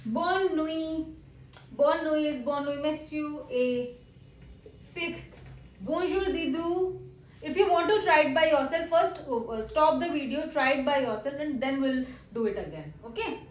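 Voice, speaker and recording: A woman's voice: high-pitched, unhurried, far from the mic. A woman teaching beginner French, patiently walking through worksheet answers and repeating each one, with slightly non-native English phrasing. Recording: roomy echo, voice a little off-mic.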